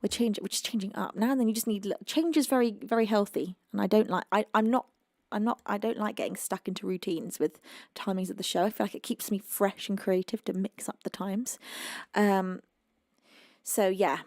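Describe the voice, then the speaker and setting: Rambling with ums and restarts and slightly breathless, a British singer hosting a music livestream talks casually with her viewers and reads out their comments. She speaks a little fast in a medium-pitched, slightly mellow voice, recorded cleanly in a studio with no room sound.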